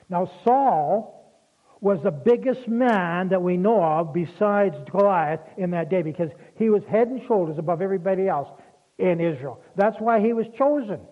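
A man preaching a sermon in a folksy, conversational way, with personal asides. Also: high voice. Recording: tinny phone-like sound.

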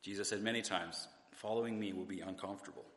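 A man's voice: low voice, steady tone, fast talker, a bit bright, reverberant, long reverb tail. A man preaching a sermon in a church, talking in a conversational way, asking the congregation rhetorical questions and sometimes restarting his words. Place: church sanctuary.

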